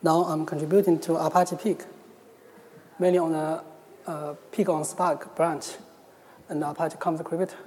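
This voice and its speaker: A man from China, speaking English as a second language with a Chinese accent, giving a careful, measured technical talk at a conference. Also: on the high side, flat delivery, darkish tone, a little hiss or hum. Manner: careful, measured delivery with small restarts. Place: large conference hall. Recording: long hall reverb.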